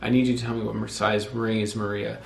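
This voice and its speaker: In an echoey room with faint noise, a young man in his twenties, a vlogger, talks quickly about how he and his wife got engaged. His creaky, low voice barely shifts in pitch, and his casual story rambles, self-corrects, and frequently quotes himself.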